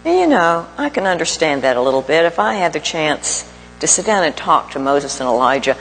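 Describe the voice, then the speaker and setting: A man preaching a sermon, speaking slowly and deliberately with emphatic pauses. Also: fairly high pitch, big pitch swings, a bit bright, slight background noise. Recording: long reverb of a large hall.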